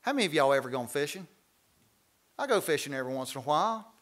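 A preaching man teaches a Bible study in church. His voice sits notably high, and he is lively and folksy as he explains the scripture. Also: quick pace. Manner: animated preaching with folksy asides and acted quotes. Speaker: pastor.

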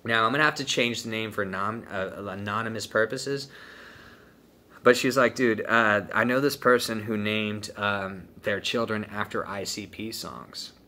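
A man's voice: fairly low pitch, fairly even intonation, unhurried, pushed and bright. A young man from the United States telling a long story in a casual, profane, laid-back way, full of "dude" and "man". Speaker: vlogger telling a trip story.

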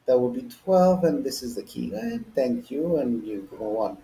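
Man teaching English, mellow voice. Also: mid-range voice, sing-song, moderate pace, hardly any pauses, roomy sound, slight background noise, low-quality recording. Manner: explanatory, models example phrases with rising stress. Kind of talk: classroom lesson.

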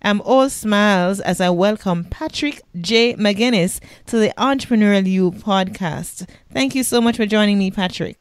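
A woman's voice: medium pitch, moderate pace, hardly any pauses, smooth, dry recording. A woman hosting an interview podcast, bubbly, playful and teasing. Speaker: podcast host.

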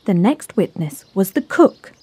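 A woman narrating a children's story in a calm, clear, measured way. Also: medium pitch, loud music behind the voice.

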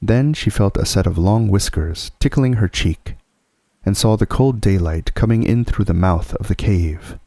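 A man reading a classic children's book aloud as a calm, soothing sleep story. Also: lowish voice, normal speed, no echo.

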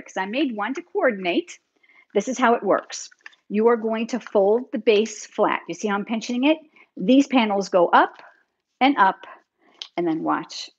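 A middle-aged woman runs a live card-making tutorial, chatty and upbeat as she addresses her viewers directly while her hands stay busy at the craft table. Her medium-pitched voice has a breathy edge, and the audio sounds dull.

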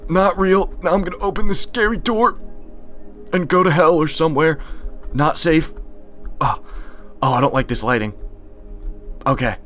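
A young man with a fairly high voice talks to himself through a horror game, nervous and easily startled. Faint music plays underneath his commentary. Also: fairly bright tone. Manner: jumpy, nervous, talks to himself while playing. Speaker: gaming channel host.

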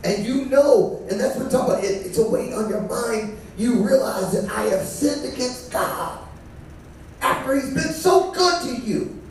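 A man's voice: very high-pitched, expressive, normal speed, faint music behind. A man preaching as a bishop in a conversational style, answered by the congregation. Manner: conversational preaching with call-and-response. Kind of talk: sermon. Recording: echoey church from far off.

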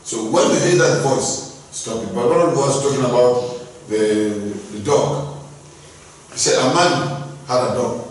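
A man's voice: medium pitch, a little slow. A male pastor preaching a sermon, emphatic and repetitive, often asking the congregation if they follow. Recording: echoey hall from far off.

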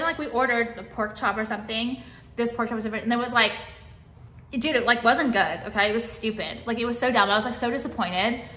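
A woman rants casually to her followers, exasperated and sweary, with "like" in nearly every phrase. Her voice sits a little high and sounds bright and forceful. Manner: exasperated, sweary, heavy use of "like". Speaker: vlogger. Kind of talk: casual rant to camera. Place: car.

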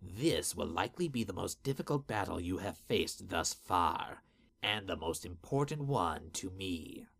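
A man voicing a cold, commanding non-human male master who speaks slowly and with menace. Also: deep voice, lively intonation, creaky, a bit bright, exaggerated voice. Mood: menacing. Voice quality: slow, menacing, measured.

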